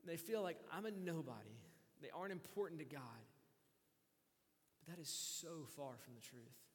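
A man preaching a sermon with passion, voicing a psalmist's pleas, moving between quiet, drawn-out lines and loud, urgent ones. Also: fairly high pitch, lively intonation, long reverb tail. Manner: impassioned, swings from hushed to loud. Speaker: pastor.

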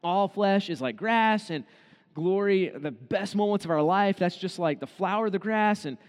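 Male pastor, high voice, conversational sermon in a church with long reverb. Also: normal speed. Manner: conversational preaching, acts out quoted inner voices.

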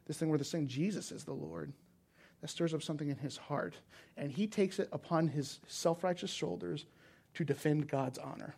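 A man's voice: a little high, creaky, warm tone. A man preaching a sermon in a conversational, emphatic way, telling personal stories. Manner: conversational, emphatic, rising to intensity.

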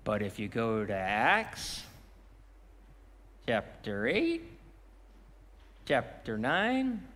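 A man preaching a sermon as pastor, swinging from impassioned shouting to a hushed closing prayer. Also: medium pitch, huge pitch swings, extremely slow, long pauses, long reverb tail. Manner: impassioned, shouting repeated phrases, then dropping to a quiet prayer.

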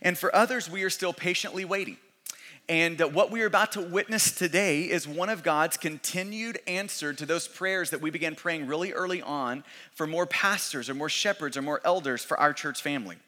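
Male pastor, conversational sermon, slightly high, bright and forceful voice, echoing church hall. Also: moderate pace. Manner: conversational, repeats words, restarts. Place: church sanctuary. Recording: long church hall reverb.

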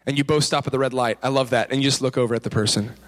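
A man preaching a sermon in church, lively and playful, often acting out the voices of the people he describes. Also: mid-range voice, very fast. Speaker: pastor.

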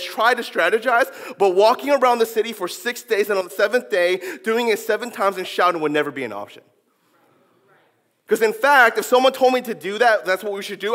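A man delivers a lively sermon in a high voice. He acts out characters from the story in casual slang. His voice rings with the long reverb of a church hall. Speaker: preacher.

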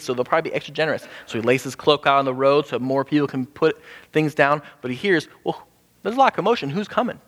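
Man preaching a sermon in a reverberant hall. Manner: animated, acts out quoted voices with sudden pitch jumps. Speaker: pastor.

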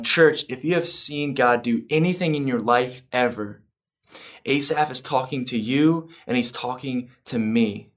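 A man preaching to a church, earnest and growing excited as he explains scripture, with some fillers. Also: medium pitch, a little slow. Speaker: pastor. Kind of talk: sermon.

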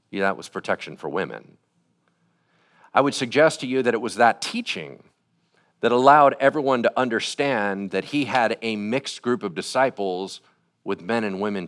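A man's voice: medium pitch, a bit bright. A middle-aged man preaching a casual, conversational sermon, acting out quotes as he goes. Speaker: pastor.

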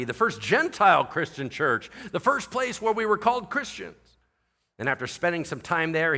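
Middle-aged male pastor preaching, animated storyteller with a lively, swinging delivery and a bright edge. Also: on the high side. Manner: animated storytelling, voices others in quotes, swings from quiet to shouting. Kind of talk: sermon.

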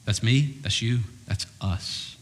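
A man pastor preaching a sermon to a congregation in an animated, conversational way, with jokey asides. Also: medium pitch, slow, in a large hall. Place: church hall with congregation.

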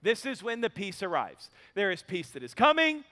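Male pastor, high bright voice, candid self-mocking sermon, long hall reverb. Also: huge pitch swings. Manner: candid, self-mocking storytelling with quick asides. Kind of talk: sermon with personal stories.

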